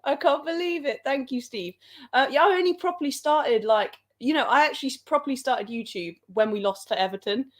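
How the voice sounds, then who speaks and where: Excitable girl on a football live stream, kinda high voice, laughs a lot. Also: brisk. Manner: excitable, laughs often, dramatic. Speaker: livestream host. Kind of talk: excited livestream chat.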